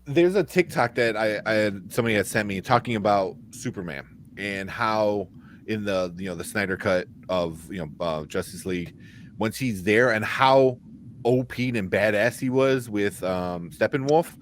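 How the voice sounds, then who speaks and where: Brief low-pitched male co-host, rambling casual recap, faint background noise. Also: normal speed. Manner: rambling recaps with acted-out quotes. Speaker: podcast co-host. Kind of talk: casual chat.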